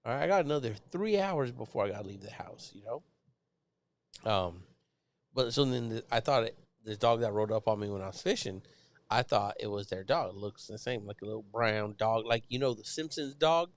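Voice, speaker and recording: A man's voice: fairly low pitch, expressive, brisk. A man, telling a rambling, profane story on his live show and mimicking neighbors in raised voices.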